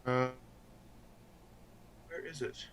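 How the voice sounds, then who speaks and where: A man chatting through a tabletop game session, loose and informal, cursing casually as he plans his moves. His voice is bright and forward, and a faint noise sits under the recording. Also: drawn-out words. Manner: chatty, swears casually, restarts often. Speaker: player.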